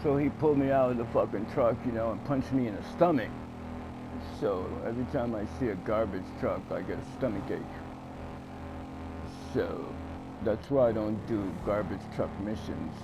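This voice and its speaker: Game music runs under a noisy background as a man with a lowish voice plays and tells a comedic tall tale at a moderate pace. The gaming streamer rambles, swears, fills gaps with fillers, and loudly acts out the scenes.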